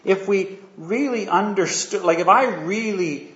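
A man delivers a sermon like a friendly chat, stopping to ask his listeners questions and filling gaps with "uh" and "um". His voice sits a little high. The recording is dull and lo-fi, with the echo of a large room. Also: a little slow, fairly bright tone. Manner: conversational, asks the audience questions, many fillers. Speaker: preacher. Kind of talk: sermon with storytelling. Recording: echoey room, dull lo-fi sound.

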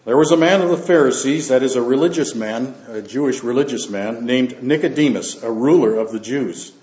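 Pastor preaching in a roomy church. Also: male voice, mid-range voice, darkish tone. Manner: unhurried, with fillers and asides between verses. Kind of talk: sermon with scripture reading. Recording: roomy, dull lo-fi church recording.

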